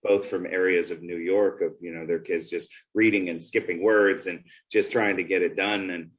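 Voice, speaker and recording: A man hosting a literacy podcast, telling classroom stories in a lively, conversational way and acting out the voices he quotes. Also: low-pitched, normal speed, low-quality recording. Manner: animated storyteller, acts out quoted voices. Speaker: podcast host, former reading specialist.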